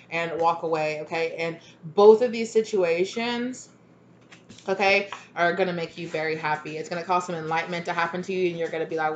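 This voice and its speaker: A woman's voice: fairly low pitch, fairly even intonation, brisk, dull audio, slight background noise. A woman giving a casual, rambling tarot reading, chatty and full of fillers and restarts. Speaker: tarot reader.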